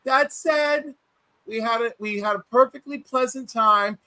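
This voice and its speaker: A man hosting a livestream, telling stories in a casual, animated way and acting out quotes. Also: very high-pitched, measured pace, no echo, rough recording. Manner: animated, acts out quotes, many restarts. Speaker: livestream host. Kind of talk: casual storytelling chat.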